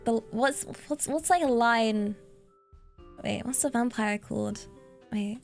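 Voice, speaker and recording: A woman's voice: fairly high pitch, takes it slowly, gravelly, faint music behind. A woman VTuber streamer chatting casually with her viewers, giggling often and thinking aloud with lots of fillers. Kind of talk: casual livestream chat, reading donations.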